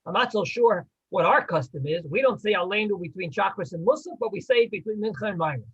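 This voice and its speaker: A man teaching a lively class as a rabbi, quizzing and teasing his listeners as he explains. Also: sits high, quick pace, husky, highs cut off. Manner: animated, quizzes and teases the listeners.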